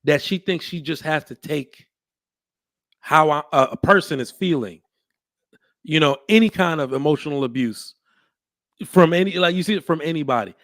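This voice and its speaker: Male podcast host, lively storyteller, dry close mic. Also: on the high side, normal speed, pauses often, no echo. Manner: animated storyteller, acts out quotes. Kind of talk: casual chat.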